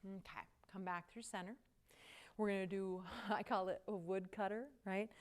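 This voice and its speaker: A woman's voice: mid-range voice, steady tone, normal speed. A woman teaching a yoga class, giving casual, chatty movement cues while out of breath from the exercise. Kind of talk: guided yoga class instruction.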